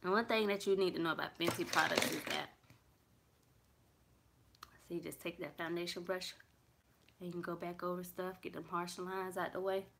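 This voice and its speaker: A woman's voice: lowish voice, steady tone, normal speed, pauses often, a bit bright. A young woman chatting casually through a makeup tutorial in her bedroom, talking to viewers and thinking aloud as she works. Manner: chatty, talks to viewers as y'all, thinks aloud while working. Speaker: beauty vlogger. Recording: clear background noise.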